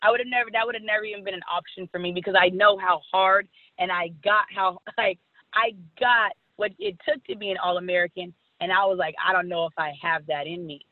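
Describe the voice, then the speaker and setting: Brief: thirties woman from California, lively storyteller, sound like a thin phone call, close and dry. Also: mid-range voice, a little fast, no echo. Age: 30s. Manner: animated, acts out past conversations. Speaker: guest, former softball player. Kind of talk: storytelling interview.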